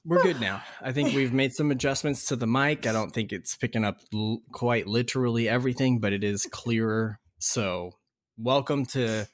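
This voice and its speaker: A man's voice: medium pitch, moderate pace. A man co-hosting a casual podcast, telling a story and laughing through his words. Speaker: podcast co-host.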